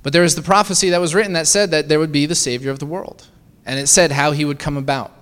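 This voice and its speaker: A man's voice: a little high, steady tone, fast talker, fairly bright tone, clean tone. Preaching man in an echoing hall. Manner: conversational, asks the congregation rhetorical questions with frequent "right?". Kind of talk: sermon.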